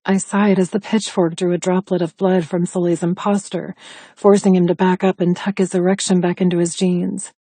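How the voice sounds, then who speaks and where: A woman reads an audiobook aloud in the first person, close and intimate. Her voice is mellow and a little husky. The recording is dry with no room sound. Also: lowish voice, level tone, moderate pace, no echo. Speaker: audiobook narrator.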